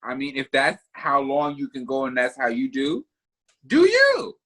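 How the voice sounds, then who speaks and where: A man's voice: medium pitch, level tone, normal speed, bright, forceful tone. A man co-hosting a podcast, teasing his co-host in casual banter and laughing often.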